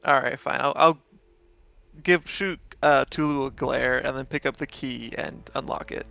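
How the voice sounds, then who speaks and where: A man's voice: mid-range voice, steady tone, moderate pace, gravelly, pushed and bright. A man playing a tabletop game, asking questions in a slightly exasperated way. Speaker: player. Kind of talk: casual tabletop play.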